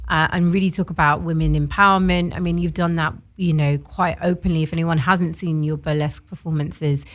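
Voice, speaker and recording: A woman's voice: low voice, fairly even intonation, brisk. A woman co-hosting a radio talk show, asking questions in an encouraging way. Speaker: co-host. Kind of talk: casual chat.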